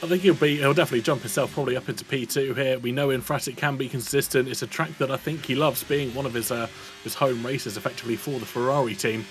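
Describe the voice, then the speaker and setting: A man's voice: medium pitch, faint music behind. A man giving co-commentary and analysis on a sim racing qualifying session. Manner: measured analytical, praising laps. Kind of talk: live race analysis.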